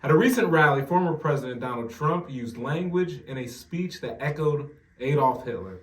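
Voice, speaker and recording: A man, talking casually as a podcast co-host, animated and repeating words when he gets going. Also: mid-range voice, moderate pace. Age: 40s. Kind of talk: casual chat. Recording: roomy sound, mic at some distance.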